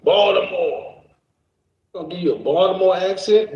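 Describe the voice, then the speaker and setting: A man's voice: high voice, normal speed, darkish tone, roomy sound, dull audio. A man hosting a casual reaction stream, joking around, cursing and laughing often. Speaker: streamer host.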